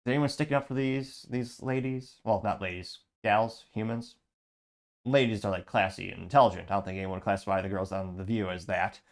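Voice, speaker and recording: A man's voice: fairly low pitch, fairly even intonation, a little fast. A man hosting a commentary show, reading comments aloud and adding sarcastic, rambling asides. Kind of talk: casual commentary reading social media comments.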